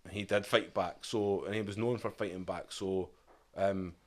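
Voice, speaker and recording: Scottish male guest, thirties, low-pitched, frank reflective storyteller. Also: steady tone, moderate pace, darkish tone. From Scotland. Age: 30s. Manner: candid, reflective, quotes his past self and family. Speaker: podcast guest. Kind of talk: casual storytelling interview.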